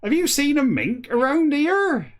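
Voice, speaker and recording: Earnest rural gardener, high farmer voice, put on by a man. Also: sing-song, measured pace, exaggerated voice. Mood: earnest puzzlement. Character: rural male West Country gardener, earnest.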